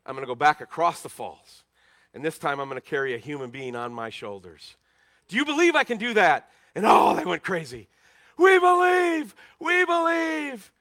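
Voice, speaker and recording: Bright-voiced preacher swinging loud and hushed. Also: male voice, mid-range voice, dry recording. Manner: dramatic storytelling, swings from loud emphasis to hushed tones. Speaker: pastor. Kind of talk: sermon.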